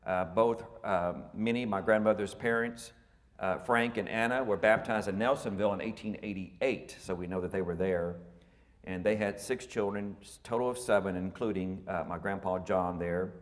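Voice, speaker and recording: A man in his fifties gives a family history lecture in a folksy, meandering way, pausing on fillers and correcting himself as he goes. His voice sits fairly low. The sound carries a long reverb from a large hall. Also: fairly even intonation. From Texas. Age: 50s. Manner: folksy and rambling, with many fillers and self-corrections.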